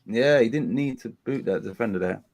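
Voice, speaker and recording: A man, hosting a casual live watchalong of a football match. He complains about dull play and gets excited during attacks. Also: medium pitch, fairly quick, gravelly. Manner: chatty, groans at a dull game, excited bursts at attacks. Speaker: watchalong host.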